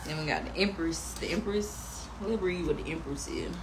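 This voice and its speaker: A woman's voice: fairly low pitch, moderate pace, noisy background. A woman giving a casual tarot reading and spiritual pep talk, emphatic and preachy with slangy asides. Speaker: tarot reader and spiritual guide.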